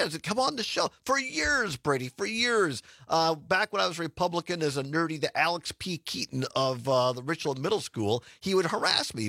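A man's voice: a little high, pushed and bright, dry recording. A man hosting a radio talk show, chatting casually with a self-deprecating, rambling manner.

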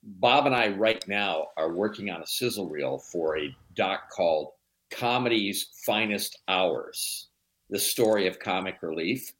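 Low-voiced middle-aged male storyteller. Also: unhurried. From Chicago. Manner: relaxed, rambling storyteller. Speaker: documentary producer, guest. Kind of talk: conversational interview.

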